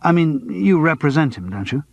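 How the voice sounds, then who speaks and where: A man's voice: fairly high pitch, big pitch swings, normal speed, gravelly, dry recording, dull audio, pitched above the performer's own voice. A man playing a polite, hesitant actor. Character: wry, struggling middle-aged male actor. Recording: dry close studio.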